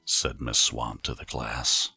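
A man's voice: very deep voice, monotone, slow pace, gravelly, sharp tone, faint music behind. A man reading a children's storybook aloud in a playful way. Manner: playful, puts on voices for the characters. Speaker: audiobook reader.

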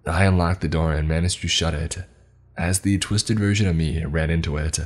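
Very deep husky male horror narrator. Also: steady tone, normal speed. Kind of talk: scripted horror story narration. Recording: faint music behind.

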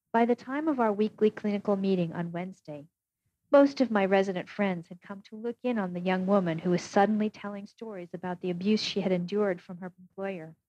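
Brief: woman audiobook narrator, measured first-person reading, mid pitch, dull dry recording. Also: dark tone. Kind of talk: scripted narration.

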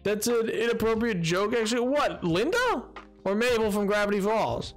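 A man's voice: sits high, very animated, normal speed, faint music behind. A man streaming a game, chatting casually with viewers, joking at his own expense and laughing often.

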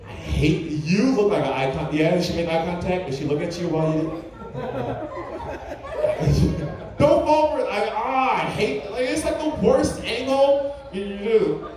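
High-pitched guy doing crude stand-up, sounds far from the mic in a super echoey club. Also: expressive, measured pace, crowd noise. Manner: crude, rambling, filler-heavy. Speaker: stand-up comedian. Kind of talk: stand-up comedy set. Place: comedy club stage. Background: audience laughter.

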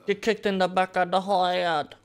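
A man's voice: high voice, level tone, moderate pace, clean tone. A young man giving casual gameplay commentary, brash and joking, swearing often and talking back to the game. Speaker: gaming video host.

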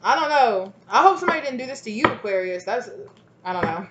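A woman doing a casual tarot reading, animated and profane, with frequent laughter and quoted asides. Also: fairly high pitch, a little fast, lo-fi sound, very noisy. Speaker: tarot reader.

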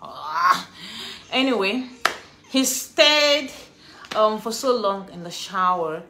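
A woman chatting to her followers in a casual vlog, laughing often and ranting with animated energy. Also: medium pitch, takes it slowly, noisy background. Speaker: vlogger.

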